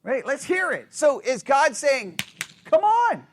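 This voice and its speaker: A man's voice: very high-pitched, expressive, unhurried, a bit bright, a little hiss or hum. A man teaching a conversational Bible study who asks his class questions and acts out quoted lines.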